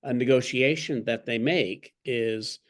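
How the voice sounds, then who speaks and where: A man's voice: mid-range voice, unhurried. Wry, articulate male author. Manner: wry, articulate storyteller who acts out quotes. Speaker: author and interview guest. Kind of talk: conversational interview.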